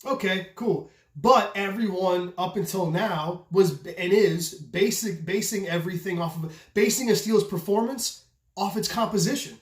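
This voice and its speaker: Man, high voice, loud and passionate, blunt and profane, echoey room. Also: unhurried. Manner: profane, repetitive restarts, rhetorical questions. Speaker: custom knife maker and channel host. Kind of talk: casual opinion rant to camera.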